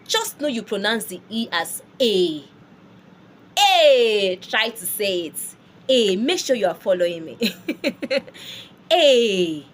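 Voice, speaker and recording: Woman language teacher, slow unhurried delivery, patient repeat-after-me drills, faint hum behind. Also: on the high side, fairly bright tone. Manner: patient, repeats words for learners to echo. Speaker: French teacher. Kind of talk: language lesson.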